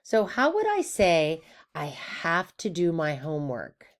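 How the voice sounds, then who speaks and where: A woman's voice: deep voice, huge pitch swings, unhurried. A woman teaching a recorded Spanish lesson in an upbeat, playful way, asking questions and answering them herself.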